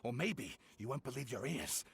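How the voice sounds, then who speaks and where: A man's voice: medium pitch, moderate pace, husky, heavily acted. An actor playing an eager male writer who talks theatrically and builds up his reveals. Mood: dramatic. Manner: theatrical, excitable, dramatic build-ups.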